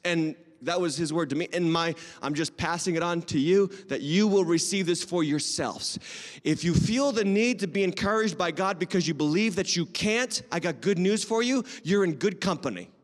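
A high-voiced man from New England preaches in an emphatic, conversational way, with light humor and direct asks to the people in the pews. His voice rings out through a church sanctuary with a long reverb trailing each phrase. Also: moderate pace. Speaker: pastor. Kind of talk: sermon.

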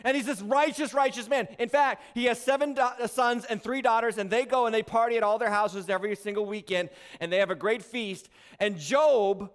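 A man's voice: very high-pitched, fairly quick, hardly any pauses. A man preaching a sermon as pastor, asking rhetorical questions and joking with the congregation in a church. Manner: animated, rhetorical questions, playful asides to the congregation. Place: church sanctuary.

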